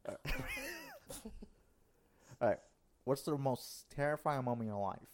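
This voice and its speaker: A man's voice: mid-range voice, normal speed. A male podcast host telling an embarrassing story in casual chat, often laughing as he talks. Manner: laughs often through his story, animated.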